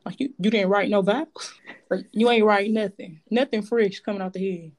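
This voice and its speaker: A woman with co-hosting a casual chat, animated and slangy, laughing often. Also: medium pitch, moderate pace.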